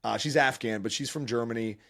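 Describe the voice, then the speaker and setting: A man's voice: mid-range voice, fairly quick, creaky, fairly bright tone. A man hosting a podcast, telling personal stories in casual chat, earnest and emotional with lots of restarts. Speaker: podcast host.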